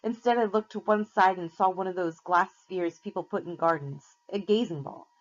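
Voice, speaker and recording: A woman teacher reading a novel aloud to her class in a steady, plain storytelling way. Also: fairly low pitch, moderate pace. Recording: slightly muffled lo-fi recording.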